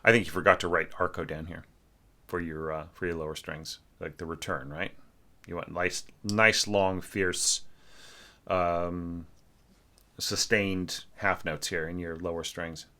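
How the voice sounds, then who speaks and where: A man's voice: low voice, steady tone, measured pace, sharp tone. A man giving a casual, chatty critique of an orchestration, with lots of "you know" and "like" and sung-out notes. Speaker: orchestration teacher giving feedback. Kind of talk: casual spoken critique of a score.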